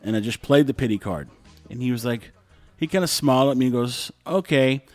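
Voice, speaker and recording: A man from Texas telling casual stories to camera in a lively way, acting out both sides of the dialogue. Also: mid-range voice, a little fast, soft background music. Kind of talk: casual storytelling.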